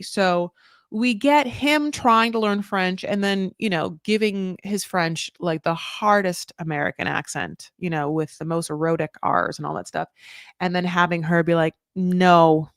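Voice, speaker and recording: A woman from California in her thirties with an alto voice, chatting casually as a podcast host, animated and swearing freely as she laughs and trails off mid-thought. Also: medium pitch, no room sound, clean studio sound. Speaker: podcast host recapping reality TV. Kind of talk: casual chat.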